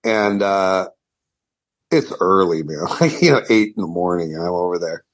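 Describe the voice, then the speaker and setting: A man's voice: sits low, animated, normal speed. A middle-aged man, a guitarist guest, telling loose rambling stories full of fillers and swearing. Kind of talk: casual storytelling.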